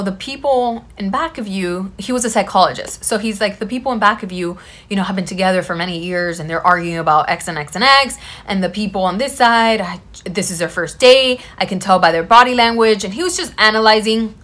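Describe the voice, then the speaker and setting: Bright-voiced woman telling a story. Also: mid-range voice. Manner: animated, quotes people in her own voice. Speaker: vlogger. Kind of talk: casual storytelling to camera.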